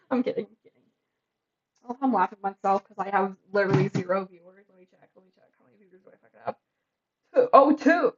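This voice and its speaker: A woman's voice: medium pitch, dull audio, slight background noise. A woman streaming a visual novel, chatting casually, swearing freely and laughing at herself.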